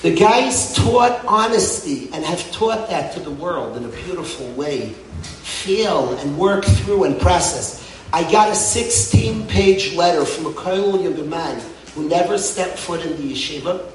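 A middle-aged man speaking with passion to a gathered crowd, his voice a little higher than most, rising to loud bursts and falling to near-whispers. He is heard from a distance in a reverberant hall, with faint room noise around him. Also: lively intonation, measured pace. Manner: impassioned, swinging from loud to hushed. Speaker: yeshiva head. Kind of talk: emotional speech to a crowd. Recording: echoey hall, mic from afar.

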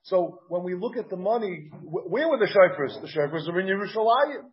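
His high-pitched, expressive voice moves a little fast as he leads a Talmud class, asking students questions and thinking out loud. The man has an American accent with Yiddish-Hebrew pronunciation, and the class recording is dull and muffled.

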